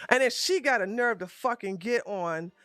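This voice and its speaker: A woman's voice: on the high side, moderate pace, fairly bright tone, no room sound, soft background music. A woman hosting a live stream, ranting in a combative, profane way with frequent restarts.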